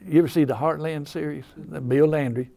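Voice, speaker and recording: A man's voice: a little high, steady tone, brisk, gravelly, mellow. An older man with an Appalachian accent, telling rambling, folksy stories in casual talk. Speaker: storyteller. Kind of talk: casual storytelling.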